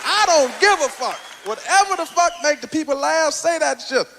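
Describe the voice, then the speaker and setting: A man performing a stand-up routine, telling a story loudly and shouting his punchlines. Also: extremely high pitch, animated, normal speed. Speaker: stand-up comedian. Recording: live hall recording with crowd and hiss.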